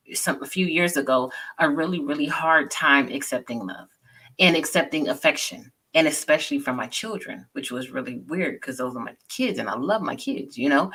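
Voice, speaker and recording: A woman in her forties tells personal stories in a relaxed conversation. Her voice sits low but has a bright, forward edge. She talks earnestly and keeps checking in with "you know.". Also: moderate pace, slightly rough. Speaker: guest. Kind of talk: casual chat.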